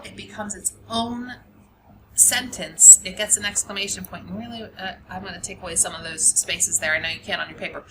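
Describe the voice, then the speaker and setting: A woman's voice: medium pitch, normal speed. Woman teacher walking kids thru grammar, patient, repeats stuff, hiss in the background. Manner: patient, explains step by step, repeats key points. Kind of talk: classroom grammar lesson.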